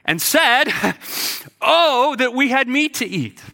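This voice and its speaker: A man's voice: very high voice, lively intonation, takes it slowly, gravelly, sharp tone, long reverb tail, pitched above the performer's own voice, full character voice. A man voicing a grumbling wanderer who complains and pines for old food, in a plaintive sing-song, as part of a sermon. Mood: whining. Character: whining grumbling crowd of wandering people.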